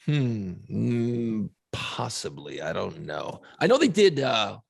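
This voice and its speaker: A man's voice: lowish voice, slow pace, gravelly, slightly rough. A man co-hosting a podcast, chatting casually and swearing freely while he tells stories. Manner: profane, animated storyteller. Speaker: podcast co-host. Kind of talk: casual chat.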